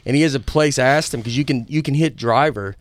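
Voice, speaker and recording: A man telling stories in a casual chat, rambling with halting restarts. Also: medium pitch, no room sound. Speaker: podcast host, comedian.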